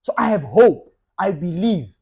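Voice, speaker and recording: A man's voice: sits high, unhurried, breathy edge. A man hosting a football fan channel, giving opinionated commentary full of rhetorical questions. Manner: animated, rhetorical questions, ranting.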